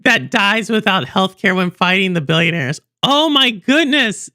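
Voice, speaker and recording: A woman's voice: medium pitch, expressive, unhurried, pushed and bright. A young woman hosting a livestream, rambling and chatting with viewers, laughing often. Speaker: livestream host. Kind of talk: casual stream chat.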